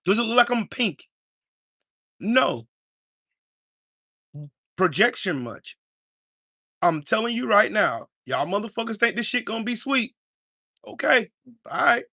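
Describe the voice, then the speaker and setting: A man's voice: high-pitched, big pitch swings, a little slow, pauses often, bright, forceful tone, no echo, clean studio sound. Man ranting angrily on a live stream. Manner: angry, profane and confrontational. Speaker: podcast host.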